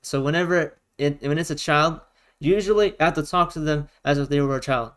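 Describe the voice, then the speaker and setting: A man talking casually on a live stream while gaming, in a loud, projecting voice, often repeating himself for emphasis. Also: fairly high pitch, fairly quick, poor audio.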